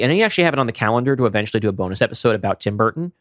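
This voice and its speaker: Fast-talking male podcast host. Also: medium pitch, expressive, fairly bright tone, dry recording, clean studio sound. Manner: fast, analytical, talks in long runs. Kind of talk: casual chat.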